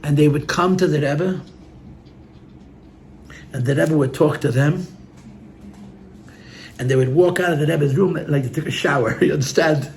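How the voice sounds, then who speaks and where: A man's voice: a little high, normal speed, creaky, long pauses, darkish tone, slight background noise. A man speaking as a rabbi to a gathering, telling stories in an earnest, heartfelt way, repeating his words and using Yiddish and Hebrew terms. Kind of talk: storytelling talk at a gathering. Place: room with listeners.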